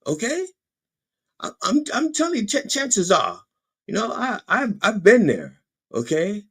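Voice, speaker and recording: Husky guy hosting a podcast, ranting and cursing, voice jumps all over the place. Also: high-pitched, unhurried. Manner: animated, profane, stammering restarts. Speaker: podcast host. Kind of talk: comedic political rant.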